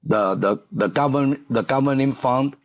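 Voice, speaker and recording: Halting man in his fifties, English. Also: medium pitch. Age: 50s. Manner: halting, searches for English words with many fillers and restarts. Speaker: guest, martial arts coach. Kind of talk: podcast interview.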